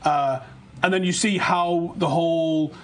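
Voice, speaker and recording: A man's voice: on the high side, fairly even intonation, a little slow. A man co-hosting a podcast, chatting casually, swearing freely and often trailing off and restarting his sentences. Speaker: podcast co-host. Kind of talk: casual chat.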